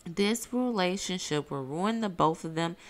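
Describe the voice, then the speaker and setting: A woman's voice: on the low side, animated, unhurried. A woman giving emphatic reality TV recap commentary, repeating her points and asking her viewers questions. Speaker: YouTube commentator.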